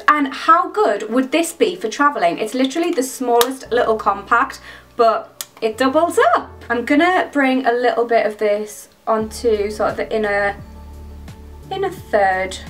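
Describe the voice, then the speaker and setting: Gushing higher-voiced woman beauty vlogger. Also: expressive, a little slow, a bit bright. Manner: gushing, enthusiastic product commentary. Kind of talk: casual makeup tutorial chat. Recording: mic at a distance, faint background music.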